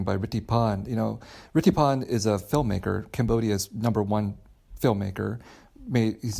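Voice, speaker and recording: A man answering as an author on a podcast, earnest and thoughtful. His voice is gravelly with a husky edge, and he circles back and restarts phrases as he works out his ideas. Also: mid-range voice, a little mellow. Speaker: author guest.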